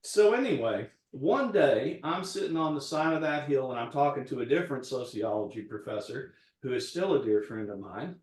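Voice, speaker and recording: A man's voice: medium pitch, big pitch swings, normal speed, hardly any pauses, darkish tone. A man, a guest chef, telling a rambling personal story in casual chat while cooking. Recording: roomy echo.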